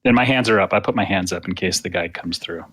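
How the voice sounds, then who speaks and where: A man's voice: sits low, fast, fairly bright tone, husky, no room sound. A man talking casually as a player in a tabletop game, matter-of-fact and plain.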